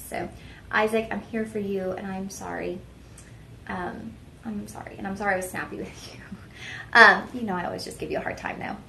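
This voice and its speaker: A woman's voice: medium pitch, creaky, fairly bright tone, roomy sound, a little hiss or hum. A young woman hosting a live shopping show, chatting with viewers and teasing herself. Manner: chatty and self-teasing, talks straight to viewers. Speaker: shopping channel host.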